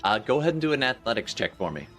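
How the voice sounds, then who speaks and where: Racing along in a mid-range voice, this game master leads a tabletop session. He narrates the action with animation, painting vivid scenes amid frequent laughter.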